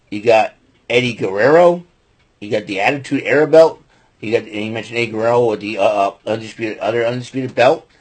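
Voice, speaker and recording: A man's voice: mid-range voice, husky. A man hosting a podcast, giving a rambling casual recap with lots of fillers and restarts and blunt opinions. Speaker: podcast host recapping wrestling.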